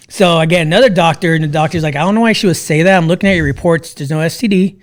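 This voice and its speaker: A man in his thirties, a podcast guest telling a story casually, profane and animated. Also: fairly high pitch, fast.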